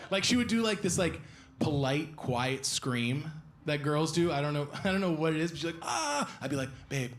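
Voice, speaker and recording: A young man performing a stand-up comedy set live on stage, animated and acting out shrill impressions of his girlfriend. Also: brisk. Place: theater stage before a live audience. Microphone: stage microphone. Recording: live stage recording with audience laughter. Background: audience laughter and applause.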